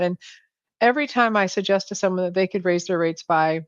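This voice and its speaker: A woman's voice: medium pitch, moderate pace, fairly bright tone, clean tone, no echo. A woman pricing coach, a guest in a conversational interview, talking animatedly with many restarts and self-corrections. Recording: dull lo-fi sound, dry.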